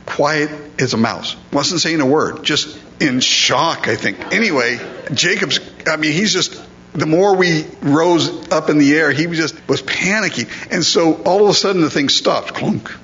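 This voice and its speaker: A man's voice: on the high side, normal speed. A middle-aged man preaching a sermon in a conversational, storytelling way, acting out quotes along the way. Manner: conversational, anecdotal, animated when acting out quotes. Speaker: pastor. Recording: slightly dull, faint hum.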